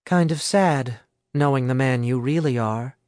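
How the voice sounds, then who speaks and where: A man voicing a sharp-tongued young female student who can read minds and scolds bluntly in a storybook reading. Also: rumbling low, a little slow, no room sound, clean studio sound. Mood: scolding.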